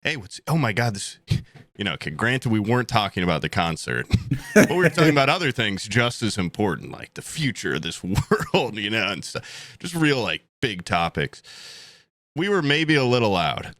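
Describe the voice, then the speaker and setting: A young man spins a comic story on a podcast, jumping between voices as he acts out each quote. His tone is bright and lively, with a low pitch and a lot of movement in it. The mic is close and the sound is dry. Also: moderate pace, no room sound. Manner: animated, acts out quotes, swears freely. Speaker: podcast co-host. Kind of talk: casual comedic storytelling.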